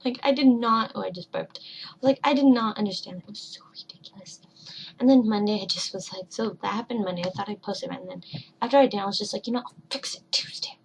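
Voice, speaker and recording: A woman's voice: mid-range voice, fast talker, creaky, slight background noise, poor audio. A woman in her twenties vlogging at home, rambling casually and dropping into whispered asides. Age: 20s. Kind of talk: casual chat.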